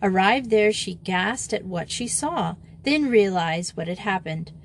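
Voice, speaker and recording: A woman narrating a children's novel with steady, clear storytelling. Her reading is even and measured, pitched for a book read aloud. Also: a little hiss or hum. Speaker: audiobook narrator.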